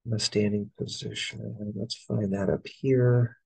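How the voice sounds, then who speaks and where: Slow, gravelly American male English teacher. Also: fairly low pitch, flat delivery, darkish tone, poor audio. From United States. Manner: slow, spells words letter by letter. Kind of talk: spelling out test answers.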